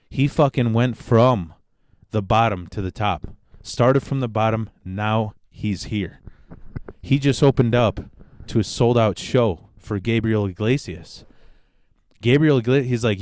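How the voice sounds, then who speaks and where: A man hosting his own podcast, a stand-up comedian from the Chicago area, telling stories in a profane, animated monologue with sudden excited outbursts. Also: lowish voice, dry recording, clean studio sound. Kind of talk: casual solo podcast monologue.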